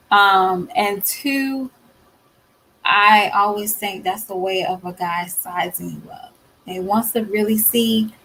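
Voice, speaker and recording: Woman vlogger, husky and unhurried, blunt and emphatic, chatty to camera. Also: medium pitch, poor audio. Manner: emphatic and blunt, with repeated refusals; conversational with many fillers. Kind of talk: candid talk to camera.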